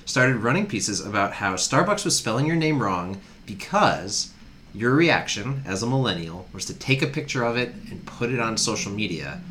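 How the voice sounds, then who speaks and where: A young man chats on a podcast in a dry, wry storytelling way. His voice sits low but swings widely in pitch, with a bright edge. Faint room noise sits under it. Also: sing-song, moderate pace. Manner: dry, wry storytelling with playful put-on quotes. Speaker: podcast host. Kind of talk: casual podcast chat.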